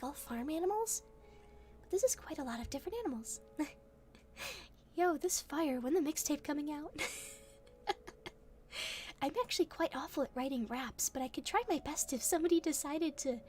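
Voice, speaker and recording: A young woman streaming soft ASMR storybook reading, speaking gently and often giggling. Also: high voice, animated, fairly quick, long pauses, a little hiss or hum. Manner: gentle, giggly, softly spoken.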